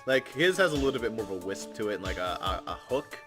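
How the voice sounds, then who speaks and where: A man's voice: fairly low pitch, very animated, fast. A man hosting a let's play, making joking, self-mocking asides between lines, over game music. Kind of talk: casual gameplay commentary.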